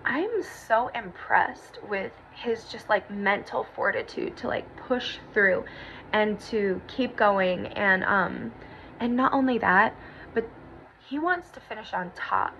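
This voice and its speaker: A woman's voice: medium pitch, takes it slowly, a bit bright. A young woman giving a casual, emotional personal update as a vlogger, gushing and teary, with many fillers. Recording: dull lo-fi audio with faint hiss.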